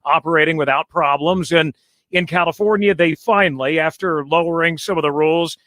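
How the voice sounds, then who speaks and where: Male correspondent guest, slightly higher voice, dry sound, easygoing delivery. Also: brisk, dry recording. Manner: relaxed, joking, easygoing. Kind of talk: casual chat then news report.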